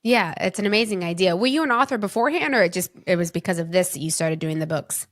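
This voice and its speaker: A woman's voice: fairly low pitch, expressive, fast, dry recording, clean studio sound. Chatty woman podcast host. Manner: chatty, uses many fillers. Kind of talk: casual conversational interview.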